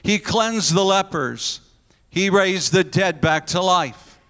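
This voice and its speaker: A man's voice: high voice, slow, fairly bright tone, long reverb tail. A pastor preaching a sermon to his congregation, earnest and emphatic, leaning on repeated phrases.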